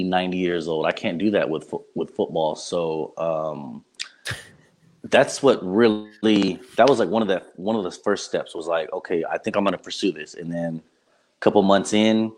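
Deep-voiced young man, halting. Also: a little mellow. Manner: many ums and self-restarts. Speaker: guest actor, former running back. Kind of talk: casual interview chat. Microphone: video call.

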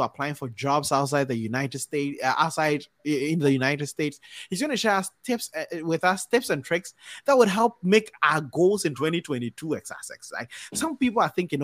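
A man's voice: on the high side, no room sound. A man hosting a podcast and signing off in a casual, upbeat, encouraging way, rambling a little and restarting his sentences. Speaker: podcast host.

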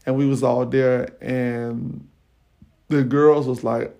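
Brief: male podcast host recounting his childhood, relaxed and slangy, with a fry in his voice. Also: mid-range voice, takes it slowly. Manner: casual, slangy, animated retelling with many fillers. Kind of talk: personal storytelling.

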